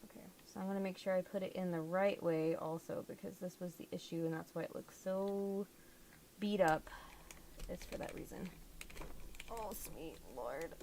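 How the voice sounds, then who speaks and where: Working on a fiddly crafting task at home, a young woman chats for her doll hobby vlog and exclaims often along the way. Her voice is fairly low and dark, with fairly even intonation and a moderate pace, over slight background noise.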